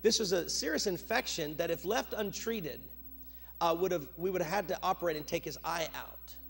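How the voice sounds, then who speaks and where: A middle-aged male pastor preaching a sermon, moving from loud urgent bursts to low, quiet asides. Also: normal speed, creaky, slightly rough, soft background music.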